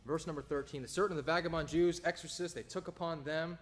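A young man, preaching a sermon in an animated, conversational way with quick asides. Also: on the high side. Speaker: pastor.

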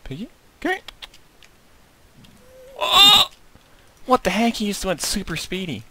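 A man's voice: high voice, big pitch swings, quick pace, heavy background noise. A man playing a game with a friend, chatting casually, often laughing and yelping in surprise. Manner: giggly, startled yelps. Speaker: Let's Play gamer. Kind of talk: casual gaming banter.

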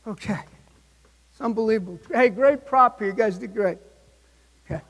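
A man's voice: high voice, normal speed, pauses often, a bit bright. A man in his sixties giving a motivational keynote speech, punchy and emphatic, often checking in with the audience. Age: 60s. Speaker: keynote speaker. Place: large conference hall. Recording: long hall reverb.

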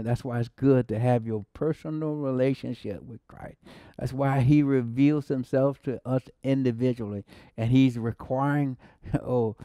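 A man with an American accent preaching a sermon, his voice mellow and warm at a middle pitch. He repeats words, exclaims often and climbs to emphatic peaks, with short laughs between phrases. The sound is close and dry. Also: no echo. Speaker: pastor.

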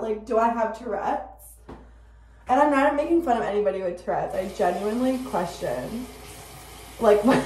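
A woman in her twenties chatting casually to camera, rambling with lots of fillers, swearing freely, and breaking into sudden loud bursts. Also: mid-range voice, animated, moderate pace. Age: 20s. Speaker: vlogger. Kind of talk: casual chat. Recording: roomy, distant from the mic.

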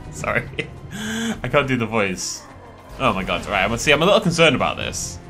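A British man hosts a let's play, chatting casually and animatedly as he plays and often laughing at himself. His medium-pitched voice swings widely in pitch, bright and forceful, at a moderate pace. Soft music plays in the background.

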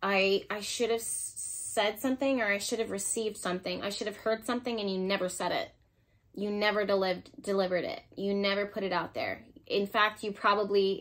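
A woman giving an intuitive pick-a-card tarot reading, speaking emotionally and thinking aloud as she turns cards, with sudden bursts of excitement. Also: medium pitch.

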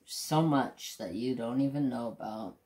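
A man's voice: medium pitch, unhurried, a little mellow. A middle-aged man chatting casually and bluntly while doing a craft, rambling and swearing freely. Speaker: craft channel host. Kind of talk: casual chat while diamond painting.

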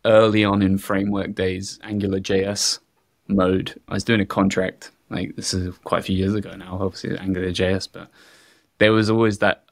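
A man's voice: low-pitched, little pitch movement, normal speed, dry recording, clean studio sound. A man with a Southern English accent, a podcast guest rambling through casual tech chat with frequent chuckles. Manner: rambling, chuckles often, fillers like "like".

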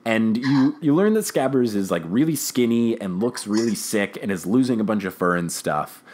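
An enthusiastic man hosting a casual podcast and recapping a book. His pitch is very lively and swings widely. He talks in slang and keeps slipping into character voices. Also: normal speed. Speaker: podcast host.

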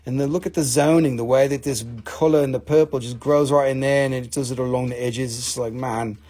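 A man hosting a live mineral sale, who gushes over each specimen in excitable, profane talk. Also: medium pitch, fairly quick. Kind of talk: live-stream sales talk.

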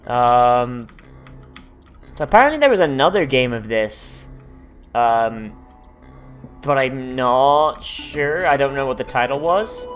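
A man's voice: mid-range voice, big pitch swings, slow, long pauses, fairly bright tone, smooth, faint music behind. A man doing casual gameplay commentary, swearing often and breaking into frustrated outbursts. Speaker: let's player.

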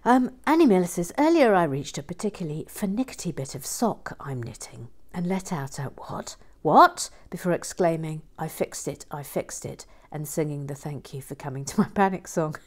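A woman hosting a Lego build channel, reading viewer comments playfully and whispering softly while building. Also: deep voice, lively intonation, normal speed, hardly any pauses. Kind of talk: casual chat and soft whispered building commentary.

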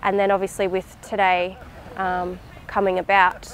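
A woman, speaking in a measured, reflective way in a documentary interview. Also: medium pitch, completely flat delivery, a little hiss or hum, low-quality recording. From Australia.

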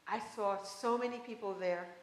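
A woman's voice: mid-range voice, normal speed, reverberant, natural voice, poor audio. Woman reading as a wise old village woman.

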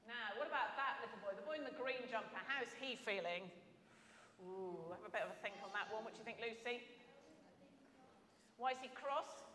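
A woman's voice: fairly high pitch, normal speed, pauses often, pushed and bright. A woman leading a children's talk in a church service, asking the children questions and then praying. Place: church hall. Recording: echoey church with long reverb.

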